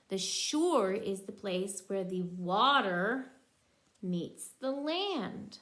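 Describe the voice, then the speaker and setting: A woman's voice: mid-range voice, expressive, drawn-out words, a bit bright. A young woman reading a picture book aloud to young children as a teacher, in a sing-song way, stopping to explain words and make bird calls.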